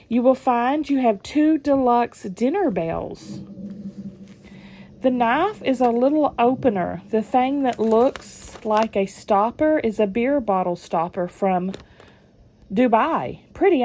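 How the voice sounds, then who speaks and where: A woman's voice: fairly high pitch, darkish tone. A woman, reading old letters aloud and adding chatty comments between them. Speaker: channel host reading family letters.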